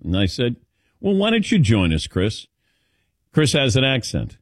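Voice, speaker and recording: A middle-aged man from the American Midwest hosts a sports radio show in casual banter. His pitch swings widely as he tells stories, and the studio sound is dry and close. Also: measured pace, no room sound. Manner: lively storytelling with laughs.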